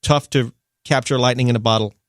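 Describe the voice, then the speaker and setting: A man's voice: medium pitch, fairly even intonation, fairly quick, no room sound, clean studio sound. An American man hosting a radio show, asking loose, rambling questions in an upbeat, casual way. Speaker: radio host.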